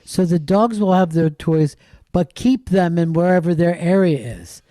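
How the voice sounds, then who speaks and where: A man adds wry, deadpan asides to casual talk-show banter. His voice sits a little higher than most men's, and the sound is dry and close. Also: a little slow, no echo. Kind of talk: casual comedic chat.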